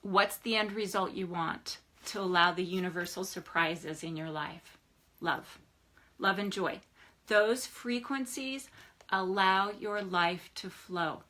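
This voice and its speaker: Bright, enthusiastic older woman coach. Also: mid-range voice, slow pace. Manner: enthusiastic and animated, often laughing. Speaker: life coach. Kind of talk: motivational vlog talk.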